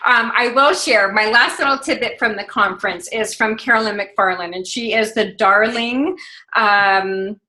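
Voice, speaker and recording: A woman's voice: mid-range voice, measured pace, bright, forceful tone, low-quality recording. A woman leading a motivational team conference call, upbeat and gushing, with many fillers. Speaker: team leader on a sales call. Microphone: phone.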